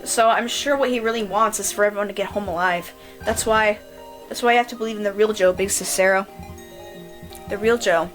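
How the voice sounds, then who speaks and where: A woman's voice: mid-range voice, fairly even intonation, fairly quick, a bit bright, faint music behind, lightly acted. A woman voicing an earnest, encouraging boy who pleads in a sincere way.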